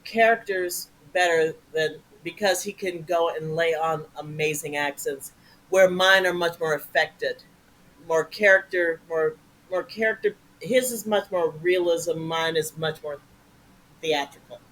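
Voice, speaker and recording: A man's voice: fairly high pitch, a little slow, rough recording. A man, an improv performer, chatting enthusiastically as an interview guest, full of jokes and praise for his colleagues. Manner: animated, enthusiastic, jokey. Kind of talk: casual interview chat.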